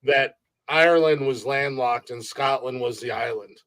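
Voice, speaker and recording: A man's voice: mid-range voice, normal speed, a bit bright, no echo. A man on a casual podcast panel telling a story, repeating words as he starts his sentences. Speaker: panel guest. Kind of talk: casual chat.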